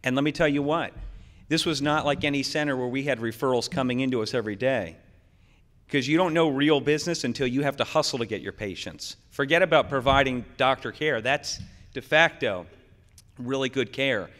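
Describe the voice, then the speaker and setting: A man's voice: mid-range voice, brisk. Folksy middle-aged male keynote speaker. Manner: folksy, joking and energetic. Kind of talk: conference keynote talk. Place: conference hall. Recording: long hall reverb.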